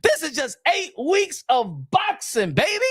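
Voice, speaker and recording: A man's voice: extremely high pitch, huge pitch swings, unhurried, a bit bright, no room sound, studio quality. A man hosting a boxing channel, giving hyped commentary and repeating his points. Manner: hype-driven, repeats phrases.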